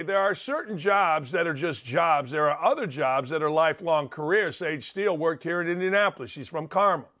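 A man's voice: a little high, fairly bright tone. A middle-aged man hosting a talk show, giving opinionated commentary in punchy, repetitive short sentences.

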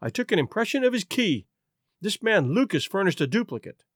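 In an audiobook reading, a man voices a troubled young wife's anxious confession, earnest and halting, her pitch swinging widely. He sits slightly high for a man and is very animated, and the sound is close and dry with no echo.

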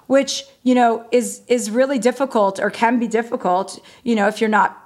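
A woman's voice: a little high, steady tone, moderate pace, a little mellow. A woman comedian talking candidly as an interview guest, self-mocking and frank, with many "like" and "you know" fillers.

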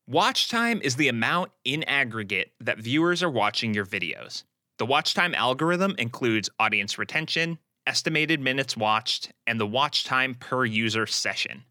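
A man hosting a scripted explainer show, with a lively delivery and playful asides. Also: mid-range voice, no room sound, clean studio sound. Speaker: host.

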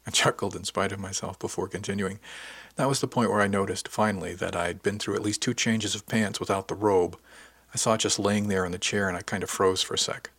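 A man's voice: on the low side, fairly even intonation, a little fast, a bit bright, husky, no room sound. A man narrating a first-person audiobook in an easygoing, conversational way.

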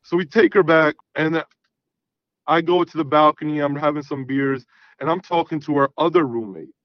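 A man's voice: fairly high pitch, normal speed, no echo, muffled recording. A man in his thirties calling in to a talk show, telling a profane story casually and acting out the dialogue. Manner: animated, profane, acts out quoted dialogue. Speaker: caller.

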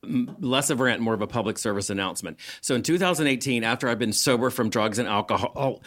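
A man's voice: mid-range voice, fast talker, few pauses, fairly bright tone, a little hiss or hum. A middle-aged man from the South, delivering a stand-up rant that acts out other people's lines and swears freely. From Southern United States. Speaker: comedian guest.

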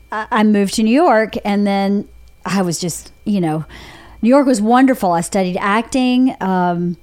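A woman in her forties with a Southern accent from Georgia, hosting a podcast and telling candid stories with lively quoted voices. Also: mid-range voice. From Georgia, USA. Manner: candid storytelling with animated put-on quotes. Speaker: podcast host. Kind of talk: casual chat.

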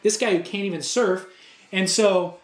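A podcast co-host telling a lively story in a casual, laid-back way, with surfer slang. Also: male voice, high voice, moderate pace, echoey room, faint music behind.

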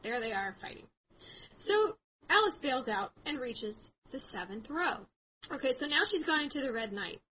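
A woman's voice: high voice, normal speed, husky, poor audio. A woman co-hosting a podcast, retelling a book in casual chat with lots of laughter and expression. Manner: animated, laughing, voices quoted characters. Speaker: podcast co-host.

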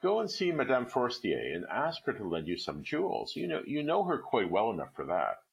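A man's voice: medium pitch, wildly swooping pitch, a little fast, vocal fry, pitched above the performer's own voice. A man voicing a timid, eager-to-please clerk husband in a storybook reading, stammering anxiously. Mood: pleading.

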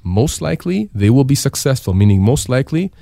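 A middle-aged Canadian disability insurance lawyer, appearing as a guest on a radio talk show, gives emphatic advice and keeps posing rhetorical questions to himself to drive his points home. His mid-range voice is sing-song, creaky and mellow, a little fast, on a dry recording.

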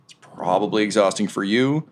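A man's voice: lowish voice, moderate pace, close to an everyday voice. A man voicing a polite, chummy undead male crewman from a ghost ship.

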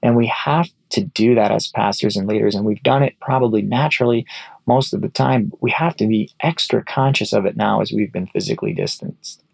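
Earnest gravelly-voiced man giving ministry advice. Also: on the low side, a little fast, no room sound, low-quality recording. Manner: earnest, encouraging, advisory. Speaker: pastor. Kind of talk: ministry teaching talk.

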